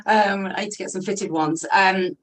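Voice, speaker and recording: A woman's voice: mid-range voice, steady tone, moderate pace. Author joining a call, female, rambling casual chat. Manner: chatty, with many fillers, repeats "it's true, isn't it?".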